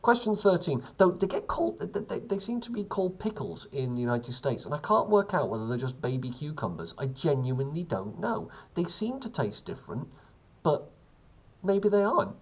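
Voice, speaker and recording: Husky-voiced man as a casual quiz host at home, lively pitch, wandering off on tangents. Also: normal speed. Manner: chatty, self-deprecating, rambling asides. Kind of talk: casual quiz reading with asides.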